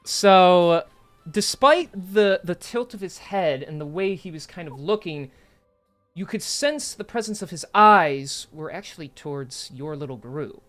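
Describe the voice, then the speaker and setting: Casting: male game master, slightly high voice, rambling filler-laden narration, faint music under. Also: expressive, a little slow, a bit bright. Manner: loose, filler-heavy narration with self-corrections. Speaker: dungeon master.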